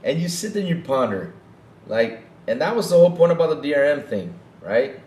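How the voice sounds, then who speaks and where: A man ranting on a gaming podcast, his pitch bouncing all over the place as he mocks and needles his critics. He keeps ending sentences with "though". The sound has a roomy echo. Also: fairly quick, a little hiss or hum. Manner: animated, mocking, keeps tacking on "though". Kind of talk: casual livestream rant.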